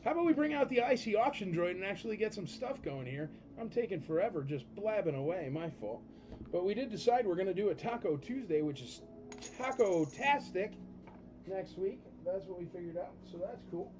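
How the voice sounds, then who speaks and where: A man's voice: high-pitched, sing-song, fairly quick. A man hosting a live auction stream, rambling and joking with viewers between lots. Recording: dull lo-fi stream audio with loud music behind. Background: music.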